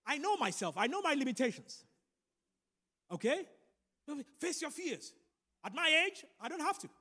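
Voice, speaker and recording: A middle-aged man preaching a sermon and telling a personal story, animated and building to loud emphatic peaks. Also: very high-pitched, moderate pace. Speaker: pastor. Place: large church room. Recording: long hall reverb.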